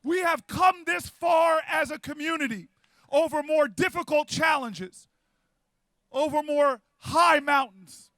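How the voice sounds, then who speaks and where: A man in his fifties giving a campaign stump speech at a large outdoor rally, preaching and shouting at the peaks. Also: extremely high pitch, takes it slowly, dry recording. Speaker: political candidate.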